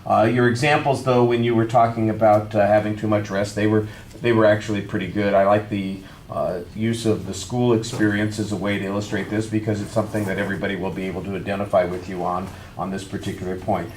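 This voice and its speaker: A male public speaking instructor giving a student measured, frank feedback on a speech, with hedged praise. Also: lowish voice, little pitch movement, darkish tone, a little hiss or hum. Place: classroom. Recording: echoey classroom.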